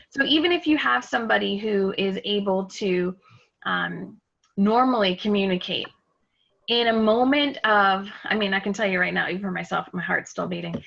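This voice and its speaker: Woman presenter, gravelly, bright edge, energetic with restarts, muffled video call audio. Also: mid-range voice. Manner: energetic, explains with fillers and restarts. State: out of breath. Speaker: webinar presenter. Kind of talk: online workshop presentation. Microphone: computer mic on a video call.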